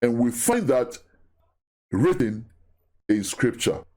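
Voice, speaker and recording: A man giving a recorded Bible teaching, who talks deliberately, repeats key phrases and asks his listeners questions. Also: medium pitch, lively intonation, mellow.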